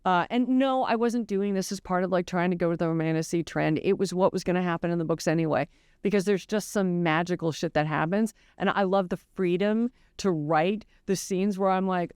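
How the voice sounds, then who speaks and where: A woman's voice: fairly low pitch, fairly quick, a little mellow, smooth, dry recording, studio quality. An older woman author talking candidly and animatedly in a casual interview, swearing freely and laughing at herself. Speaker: novelist guest.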